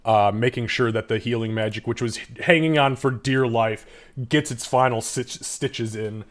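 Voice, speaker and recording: A man's voice: mid-range voice, moderate pace. A man narrating a tabletop game as game master in a loose, profane, filler-heavy way.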